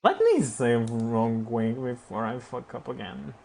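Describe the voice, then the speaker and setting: A man streaming a game live, chatting to his viewers, reacting loudly and swearing as he plays. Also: mid-range voice, unhurried, gravelly, a little hiss or hum. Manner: excitable, swears, talks to chat. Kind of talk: live gameplay commentary.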